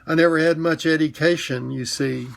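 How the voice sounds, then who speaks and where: A man's voice: a little high, fairly even intonation, normal speed, gravelly. A man voicing a humble male London cab driver with a Cockney accent in a storybook reading, speaking in a hesitant, plain working-class way.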